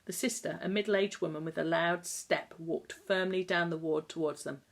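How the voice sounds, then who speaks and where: Woman reading an audiobook, calm and measured, pretty low voice. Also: vocal fry. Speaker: audiobook narrator. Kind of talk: scripted narration.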